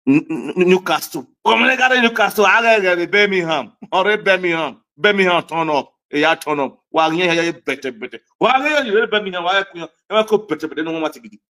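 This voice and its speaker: A Nigerian man in a heated vlog rant, his voice pitched high for a man. He scolds his viewers and repeats himself over and over, hammering each point home. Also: expressive, quick pace, few pauses, bright, forceful tone. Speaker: social media commentator. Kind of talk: ranting vlog monologue.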